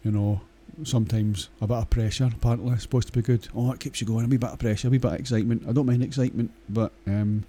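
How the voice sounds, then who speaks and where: A man's voice: medium pitch, fairly even intonation, racing, hardly any pauses, warm tone. A Scottish man talking in a casual, rambling monologue, blunt and crude, swearing often and hesitating with many fillers.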